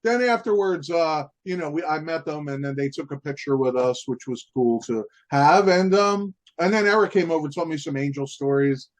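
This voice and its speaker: A man's voice: a little high, normal speed, few pauses. A man, a guest musician, telling stories in a casual interview, rambling with lots of fillers like "man" and "you know".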